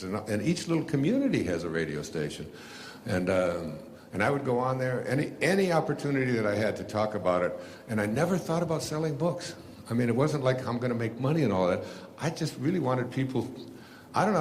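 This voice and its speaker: A man's voice: lowish voice, a little mellow, slight background noise. An older man, an author telling a rambling story to an audience, full of fillers and restarts. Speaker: author and speaker.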